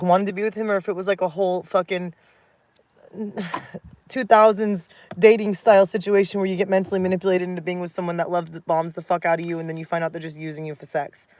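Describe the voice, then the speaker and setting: A woman's voice: medium pitch, fairly even intonation, fast talker, slight background noise. A woman in her thirties livestreaming from home at night, talking bluntly and heatedly with lots of swearing, and cooing baby talk to her dog. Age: 30s. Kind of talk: casual livestream rant.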